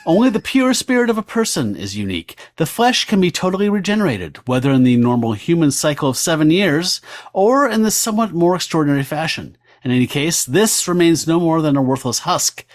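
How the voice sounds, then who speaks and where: A man voicing a haughty demonic antihero who talks slowly in an old-fashioned, lofty way. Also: on the high side, big pitch swings, pitched above the performer's own voice. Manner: pompous, slow, archaic. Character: aloof demonic male antihero, cold and archaic.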